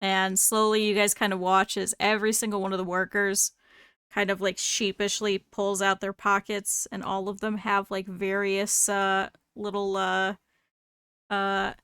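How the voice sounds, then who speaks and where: A woman's voice: medium pitch, completely flat delivery, unhurried, a bit bright, clean tone, dry recording, clean studio sound. A woman narrating a tabletop game as game master, loose and full of fillers. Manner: loose, hesitant, many fillers.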